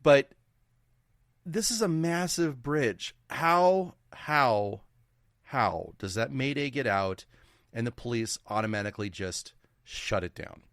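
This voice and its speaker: A man co-hosting a podcast, talking casually in a halting, stammering, doubtful way. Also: mid-range voice, expressive, a bit bright, no echo, studio quality. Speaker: podcast co-host. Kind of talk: casual conspiracy talk.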